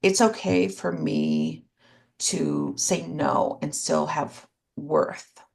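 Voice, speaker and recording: Candid, lively woman podcast co-host. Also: deep voice, drawn-out words, creaky. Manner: candid and self-deprecating, with dry sarcasm. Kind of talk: casual chat.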